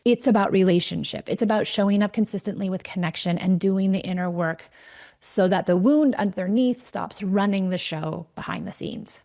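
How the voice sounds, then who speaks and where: Here a middle-aged woman hosts a parenting podcast by herself, drawing on her work as a parenting coach. Her medium-pitched voice is warm and moves at a moderate pace. She is earnest and direct, now and then restarting what she says.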